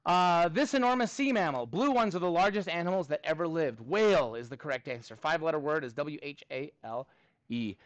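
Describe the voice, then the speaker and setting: Male teacher in a classroom, high voice with wide swings, playful and animated, dry mic. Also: a little fast, no echo, poor audio. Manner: animated, playful, many fillers. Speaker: math teacher. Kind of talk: classroom lesson.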